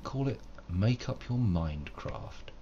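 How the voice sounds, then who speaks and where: A man with a very deep voice rambles through a live game stream, poking fun at himself and wrapping his thoughts in ornate, old-fashioned language. He speaks slowly and expressively with a warm tone. The home recording sounds a bit muffled, with faint background noise.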